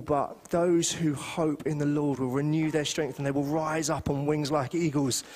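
A man preaching a sermon as pastor, chatty and animated, slipping into little voices for the people he quotes. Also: on the high side, in a large hall. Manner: animated, conversational, acts out quotes. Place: church hall.

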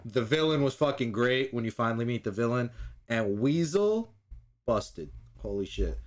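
A man in casual podcast chat, talking at an ordinary middle pitch. He rants with plenty of profanity and slips into mock voices of people as he tells a story. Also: fairly quick. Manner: profane, animated ranting with impressions of people. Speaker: podcast co-host.

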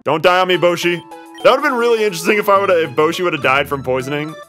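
A man's voice: a little high, quick pace, a bit bright, faint music behind. A man commentating on his video game playthrough, rambling and exasperated, pleading with the game characters. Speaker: let's play host.

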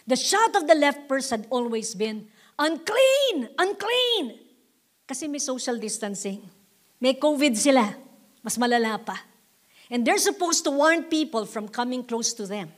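A woman with a Filipino accent preaching a sermon in an animated, emphatic way, mixing English with Tagalog and repeating her points. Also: a little high, moderate pace. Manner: switches between English and Tagalog.

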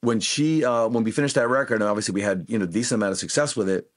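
A man being interviewed as a guest guitarist, telling animated anecdotes and acting out what people said. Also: on the low side, very fast. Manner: animated anecdotes, acts out quoted voices. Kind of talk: casual interview storytelling.

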